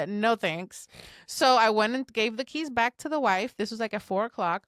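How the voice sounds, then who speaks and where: A woman's voice: on the high side, animated, a little fast, a bit bright, no room sound, clean studio sound. Emphatic woman recounting a story. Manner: emphatic, acts out quoted dialogue. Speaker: podcast co-host. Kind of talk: casual storytelling chat.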